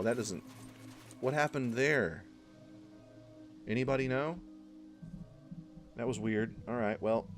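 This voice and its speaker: A man commenting on a playthrough in a profane, joking way as the gaming host. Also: medium pitch. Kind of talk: let's play commentary.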